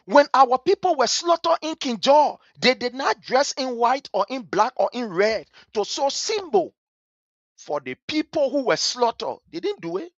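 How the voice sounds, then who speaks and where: A man's voice: extremely high pitch, very animated, moderate pace, no room sound, muffled recording. A man with a Liberian English accent giving impassioned, scornful political commentary, repeating his points with fire. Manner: fiery, scornful, repetitive.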